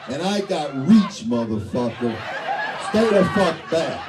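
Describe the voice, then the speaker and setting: Middle-aged man doing profane stand-up, distant. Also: a little high. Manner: profane, laughing at his own jokes. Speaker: stand-up comedian. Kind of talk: stand-up comedy set. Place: tavern showroom before a live crowd. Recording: distant and noisy live bar recording.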